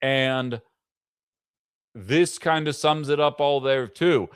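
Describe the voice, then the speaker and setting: A man hosts a live political commentary stream and argues with conviction, piling up pointed rhetorical questions. His voice is smooth and crisp. The sound is dry and close to the mic, with little room around it. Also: fairly high pitch, unhurried, dry recording. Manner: impassioned, fires off rhetorical questions. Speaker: host of a political commentary show.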